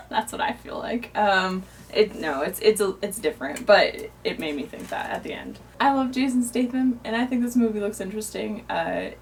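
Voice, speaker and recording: A woman's voice: mid-range voice, normal speed, hardly any pauses. A woman talks with easy enthusiasm as a co-host, gushing about what she likes. Her voice sounds distant from the mic, with faint room noise underneath. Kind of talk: casual chat about movie news.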